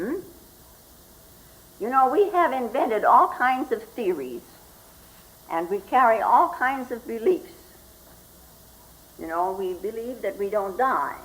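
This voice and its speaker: An older woman, a Zen teacher, giving a slow, reflective spoken talk and often asking "hmm?" as she goes. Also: mid-range voice, very animated, a bit bright, rough recording. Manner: slow and reflective, with frequent questioning "hmm?" asides.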